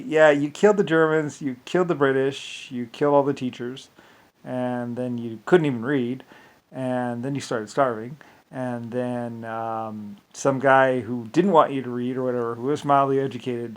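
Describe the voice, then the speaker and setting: A man's voice: mid-range voice, steady tone, normal speed, poor audio. A man in a casual, rambling rant, scornful, full of restarts and fillers.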